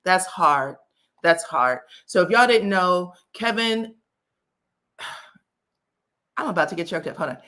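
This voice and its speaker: A woman's voice: lowish voice, expressive, unhurried, long pauses, pushed and bright. A woman hosting a gossip channel, chatting casually to her viewers with lots of um fillers. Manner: chatty, frequent um fillers, addresses viewers directly. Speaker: host of a celebrity gossip channel.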